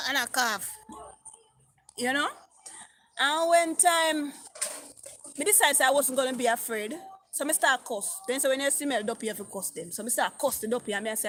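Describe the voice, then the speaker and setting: A woman's voice: high voice, normal speed, fairly bright tone, a little hiss or hum. A middle-aged woman with a Jamaican accent, chatting on a live stream and reading viewer comments aloud. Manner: chatty, reads comments aloud, mixes patois. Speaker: vlogger. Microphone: phone.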